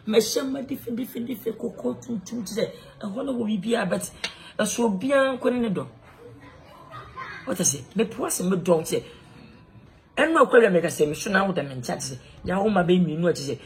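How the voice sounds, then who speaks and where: A man's voice: sits high, expressive, a little fast, a little hiss or hum. A man with a Ghanaian accent performing an improvised comedy skit, rambling and laughing as he talks. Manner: rambling, laughing, breaks into singing praise. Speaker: comic actor.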